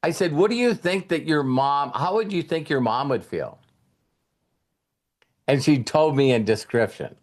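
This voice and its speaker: Brief: man, slightly high voice, motivational speaker, loose spoken delivery with restarts. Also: expressive, measured pace, pauses often, a little mellow. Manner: casual, repeats words, retells conversations. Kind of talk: motivational talk with storytelling.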